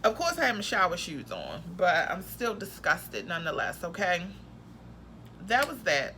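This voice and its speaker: A woman who works as a travel nurse, telling a story in a casual vlog in an expressive, slangy, dramatic way. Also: fairly low pitch, normal speed, slight background noise.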